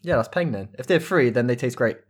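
A man co-hosting a podcast, chatting casually with quick, joking asides. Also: medium pitch, expressive, slightly rough. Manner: quick-witted, laughing asides. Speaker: podcast co-host. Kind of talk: casual chat.

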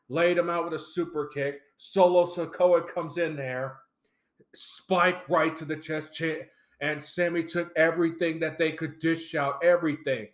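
A man hosts a casual wrestling recap show, telling the story in an excitable, animated way. His voice sits high for a man. The recording carries a noticeable room echo. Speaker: podcast host. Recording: roomy echo.

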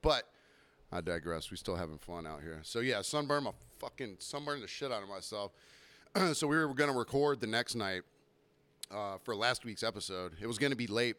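A young man hosting a podcast, telling a rambling, profane, self-mocking story while getting over a sore throat and clearing it now and then. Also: lowish voice, fairly bright tone. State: recovering from illness, throat clearing. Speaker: podcast host. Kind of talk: casual storytelling monologue.

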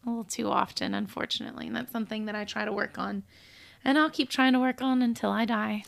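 A female podcast co-host with a slightly high voice, fast pace and vocal fry reads scripture aloud and works through it on a casual Bible study show. Quoting brings out her animation.

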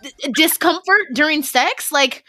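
A woman co-hosting a podcast, chatting casually with blunt, profane, animated storytelling. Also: sits high, a little slow, dry recording, studio quality. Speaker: podcast co-host. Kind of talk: casual chat.

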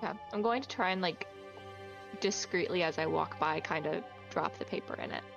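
A woman's voice: lowish voice, normal speed, vocal fry, lo-fi sound, over music. A woman playing a tabletop game, hesitantly describing what her character does. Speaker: player. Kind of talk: casual tabletop play.

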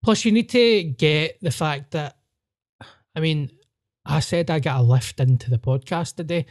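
Comic guy on a podcast, sweary, laughy, voice a bit on the high side. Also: unhurried. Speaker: comedian. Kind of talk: casual podcast chat.

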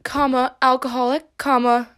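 A tipsy young woman hosting a casual solo podcast, playful and self-mocking, swearing often and shifting between loud outbursts and mumbled asides. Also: high-pitched, level tone, normal speed. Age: young adult. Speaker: podcast host.

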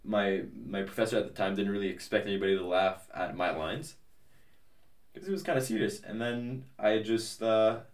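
A man's voice: on the low side, moderate pace, echoey room, far from the mic. A young man as a podcast guest, chatting casually in a rambling, hesitant way with many fillers and restarts. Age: young adult. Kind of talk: casual interview chat.

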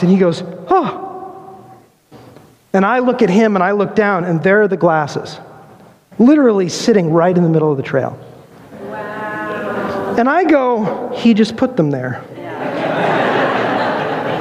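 A man preaching a sermon, telling a lively personal story, acting out quoted dialogue and laughing along the way. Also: sits high, normal speed, long pauses. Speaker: pastor. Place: church sanctuary. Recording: long hall reverb.

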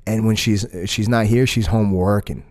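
A man on a relaxed podcast, talking in a slightly low voice. He rambles and restarts his sentences, drops profanity freely and gets animated as he tells his stories. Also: normal speed. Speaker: podcast co-host, jiu-jitsu school owner. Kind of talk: casual podcast chat.

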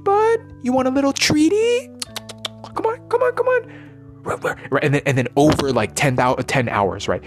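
A man giving a rambling, profane, intense unscripted monologue as a vlogger. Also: medium pitch.

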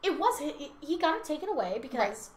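A woman's voice: high voice, very animated, a little fast. A young woman, a teacher, co-hosting a casual podcast and telling stories animatedly, acting out the kids' voices. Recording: roomy echo.

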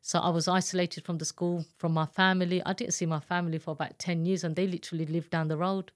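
A woman giving a candid, earnest account of her own past as an interview guest, halting and searching for words as she retells it. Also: on the low side, level tone. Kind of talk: emotional personal testimony in an interview.

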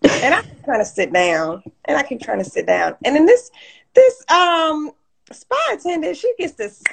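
Woman, high voice, animated storytelling, does voices for people in her stories, live stream chat. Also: normal speed, gravelly, a little hiss or hum. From Detroit, USA. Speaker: interview guest. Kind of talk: casual storytelling. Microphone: live stream call.

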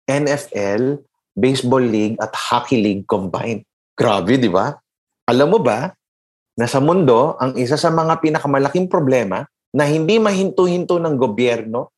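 Husky Filipino man preaching with lively pitch. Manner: mixes English and Tagalog, asks the listener "di ba" and "okay". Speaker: podcast host giving a faith talk. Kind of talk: preaching-style talk.

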